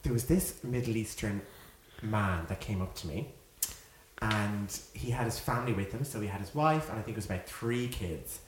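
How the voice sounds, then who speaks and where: A young man in his twenties, a podcast co-host, telling an animated story in casual chat, often laughing and acting out quotes. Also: lowish voice, normal speed. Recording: echoey room with faint noise.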